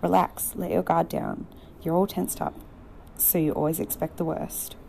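Woman reading as a gentle, reassuring young man. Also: lowish voice, normal speed, gravelly, slight background noise. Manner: calm, coaxing.

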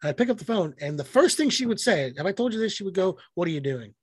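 A man's voice: high voice, expressive, quick pace, breathy edge, no echo. A man co-hosting a podcast in casual chat, blunt and profane, telling rambling stories. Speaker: podcast co-host.

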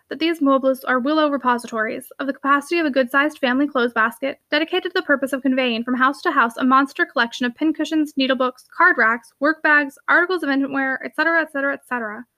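In a high voice, a woman audiobook reader narrates a classic novel with brisk, lively energy.

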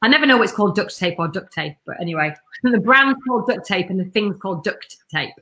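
Bright, chatty businesswoman. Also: medium pitch, lively intonation, fast. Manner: enthusiastic, talkative, blunt. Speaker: marketing business owner, podcast guest. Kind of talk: casual interview chat.

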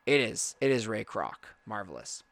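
A man's voice: fairly low pitch, very animated, normal speed, a bit bright, no echo. A young man hosting a podcast, talking earnestly in a reflective monologue that rambles with restarts. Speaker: podcast host.

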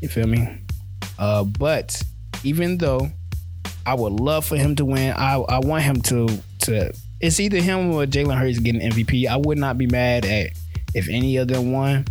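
A man's voice: medium pitch, moderate pace, a little mellow, soft background music. A man hosting a casual solo sports podcast, talking loosely in slang and often restarting his words.

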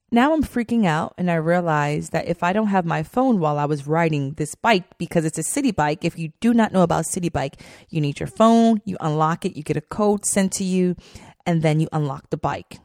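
A young woman telling a personal story in a chatty, animated way, full of fillers. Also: on the low side, moderate pace, dry recording, clean studio sound. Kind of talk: casual storytelling.

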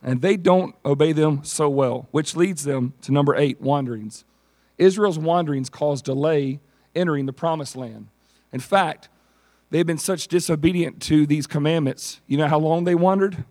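A man preaching a sermon and telling stories in an animated way, acting out the characters. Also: on the high side, moderate pace. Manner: animated storytelling, acts out characters. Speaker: pastor.

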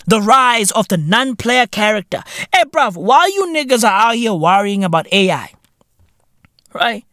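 A man hosting a podcast with British slang, ranting in a comic monologue with profane, animated jokes. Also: high-pitched, normal speed, no echo, studio quality. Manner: animated, profane, slangy, laughing between lines. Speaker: podcast host. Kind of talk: comedic rant monologue.

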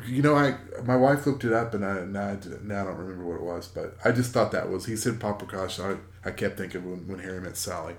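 A man in his forties with a fairly low voice rambles through a casual story, stopping and restarting often. He is recorded in an echoey room. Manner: rambling, halting, many fillers and restarts. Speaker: podcast co-host.

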